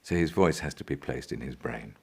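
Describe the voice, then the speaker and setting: A man, an actor, explaining his character in a behind-the-scenes interview, in a deliberate, demonstrative way. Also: rumbling low, slightly rough.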